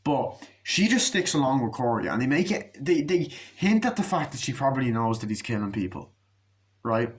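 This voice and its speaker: A young man giving a casual, profane movie review, ranting and acting out scenes in quick put-on voices. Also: medium pitch, big pitch swings.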